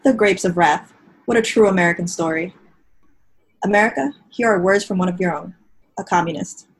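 Husky woman giving a dramatic reading. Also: fairly low pitch, brisk, low-quality recording. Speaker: worship service reader.

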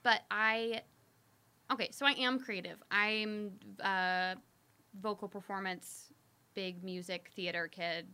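A young woman guest chatting casually, her voice bright at the top with a fry underneath. She talks easily and at length, a trained singer relaxing into everyday speech. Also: mid-range voice, steady tone, slow. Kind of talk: casual chat.

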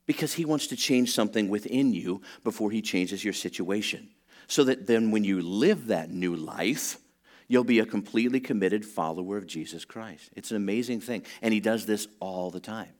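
Animated storytelling male pastor. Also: on the low side. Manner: animated storytelling, acts out voices, humorous asides. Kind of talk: sermon.

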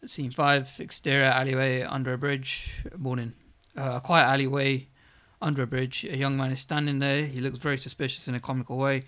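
Soft-spoken man reading a script. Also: little pitch movement, a little fast, few pauses. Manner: reads in a low, hesitant voice with many uhs. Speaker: student reading his comedy script. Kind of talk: reading a script aloud, then casual chat.

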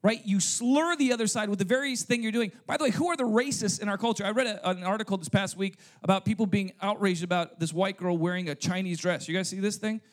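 This pastor's voice sits high, and he talks fast with few pauses. Preaching at a church service, he keeps checking in with "okay?" and "right?" and throws rhetorical questions to the congregation.

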